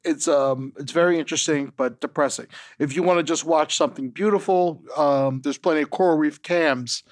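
Young guy cohosting a podcast, rambly and swears a bit, kinda high voice, dry close sound. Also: brisk, dry recording. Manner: rambling, profane, jokey. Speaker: podcast co-host. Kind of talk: casual chat.

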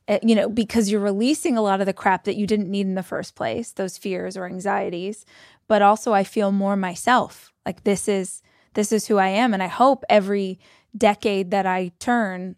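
A woman in her forties hosts a podcast conversation, asking fluent, encouraging questions and mixing in her own thoughts. Her voice is at a middling pitch. The room sound is dry and close. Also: darkish tone, no echo. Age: 40s. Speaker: podcast host. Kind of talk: conversational interview.

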